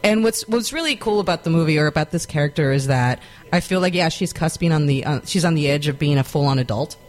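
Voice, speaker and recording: A woman's voice: deep voice, fast. Rambling chatty woman. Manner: rambling, laughs often, self-correcting. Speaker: podcast co-host. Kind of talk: casual chat.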